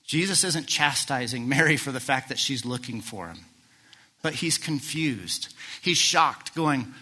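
Bright-voiced male pastor preaching animatedly. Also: medium pitch, measured pace. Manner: animated, asks rhetorical questions, acts out quoted lines. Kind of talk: sermon.

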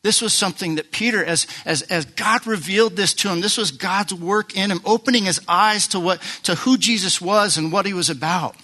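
A man preaching a sermon, animated and playful, acting out the voices of the Bible figures he retells. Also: sits high, moderate pace, few pauses. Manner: animated, acts out Bible voices, jokes with the crowd. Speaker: pastor.

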